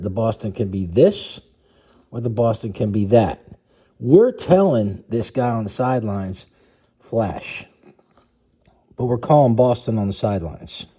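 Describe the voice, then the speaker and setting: Dark-voiced coach walking through a play. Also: male voice, mid-range voice, slightly rough, highs cut off. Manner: methodical, restates and corrects himself. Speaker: youth lacrosse coach. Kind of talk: explaining a play to a team.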